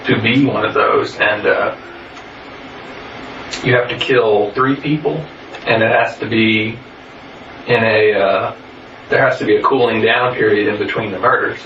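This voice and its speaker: A man giving a recorded statement in a flat, halting way, full of pauses and fillers. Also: on the low side, a little hiss or hum. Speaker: interviewee. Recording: muffled, roomy, distant recording.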